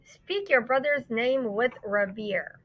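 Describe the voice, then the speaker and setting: A stern, impatient mother who scolds her child, as a woman reads her part aloud. Her voice is a little higher than a typical woman's, and the recording is dull and dry. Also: slow, dry recording. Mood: scolding.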